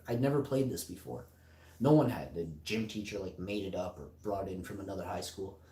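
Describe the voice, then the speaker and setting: A man telling a story on a livestream podcast, swearing constantly and getting loud and heated. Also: medium pitch, roomy sound. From Canada. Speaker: podcast host.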